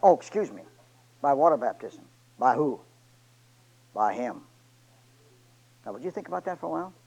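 A man preaching a sermon in church, swinging from loud shouts to near whispers, with joking asides to the congregation. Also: mid-range voice, big pitch swings, moderate pace, gravelly, breathy edge, muffled recording. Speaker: pastor. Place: church sanctuary.

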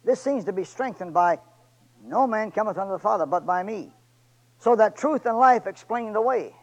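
A man with a high voice preaches a sermon in a church sanctuary. He swings from ringing shouts to hushed, almost whispered lines. He throws in joking asides to the congregation. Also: lively intonation, moderate pace, highs cut off. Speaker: pastor.

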